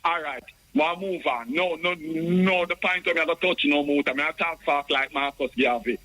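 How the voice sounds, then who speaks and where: Jamaican caller on a radio show, high bright voice, rambles and stutters on the same words. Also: male voice, normal speed, poor audio. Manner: rambling, stammering repetitions. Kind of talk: call-in radio chat.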